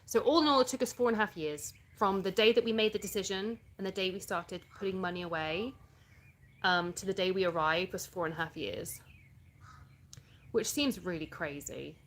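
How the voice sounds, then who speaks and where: A woman's voice: mid-range voice, normal speed, a little hiss or hum. A woman with an English accent, chatting casually on a live stream, answering viewer comments, laughing often and sometimes searching for words. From born in the US, raised in England.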